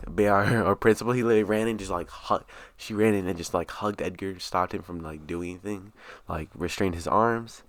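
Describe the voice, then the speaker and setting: Deep-voiced young man telling a story. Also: no echo. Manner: rambling, swears often, filler-heavy. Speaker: storytime vlogger. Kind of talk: casual storytime.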